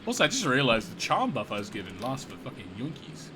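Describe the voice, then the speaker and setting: Excitable streamer, lively voice. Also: male voice, mid-range voice, quick pace, noisy background. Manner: excitable, swearing, laughing asides. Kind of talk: live game commentary. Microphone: desk microphone that sometimes peaks.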